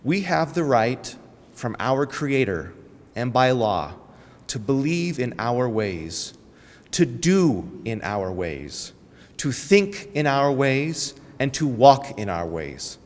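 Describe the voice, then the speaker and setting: A man delivering a prepared speech at a press conference, solemn and measured, with rhetorical repetition. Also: medium pitch, big pitch swings. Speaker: community speaker. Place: press conference in a large hall. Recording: long hall reverb.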